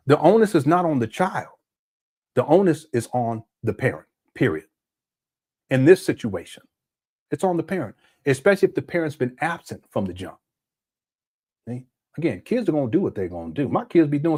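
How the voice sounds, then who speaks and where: A man's voice: a little high, very animated, fairly quick, long pauses, a little mellow, husky. A man hosting a live commentary show, talking in an emphatic, conversational way with many repeats. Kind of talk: livestream commentary.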